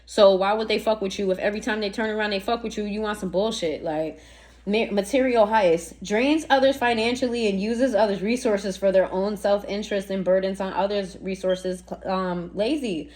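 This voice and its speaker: A woman's voice: medium pitch, steady tone, moderate pace, darkish tone. A woman giving a casual tarot reading, blunt and profane, full of slang and rhetorical questions aimed straight at the listener. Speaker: tarot reader.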